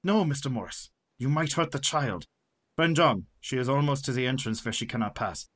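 A man's voice: medium pitch, lively intonation, normal speed, a bit bright. A man playing a stern old professor. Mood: commanding. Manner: formal, commanding. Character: older male vampire hunter professor, stern and wise. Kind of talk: radio drama acting.

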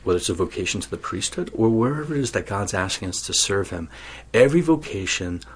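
A man's voice: low voice, animated, fast talker, a bit bright, breathy edge. A man as an interview guest, telling his vocation story in an earnest, self-mocking way.

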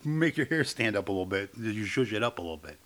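A man's voice: fairly low pitch, very animated, fast talker, fairly bright tone. A man co-hosting a horror podcast, laughing often and rambling in profane casual chat. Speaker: podcast co-host.

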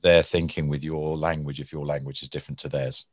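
Very deep-voiced man, dry sound. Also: a little fast, no room sound. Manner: animated storytelling, acts out angry people; repeats and restarts words. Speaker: guest, former hostage negotiator. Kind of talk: conversational interview.

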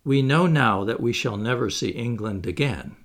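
A man's voice: mid-range voice, expressive, moderate pace, close to an everyday voice. A man reading aloud, voicing a young noblewoman who speaks with earnest, pleading tenderness. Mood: tender.

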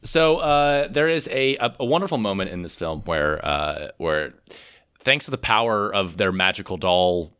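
A man's voice: low voice, lively intonation, normal speed, fairly bright tone, clear, resonant tone, dry recording, clean studio sound. A man co-hosting a casual podcast, hesitant with many fillers and restarts. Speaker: podcast co-host.

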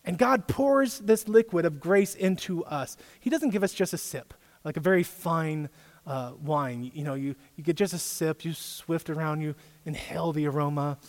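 This is a man with a fairly high-pitched voice speaking at a moderate pace, followed by a long reverb tail. His casual preaching comes across as a youth pastor's talk: conversational and chatty, with questions thrown out to quiz his listeners.

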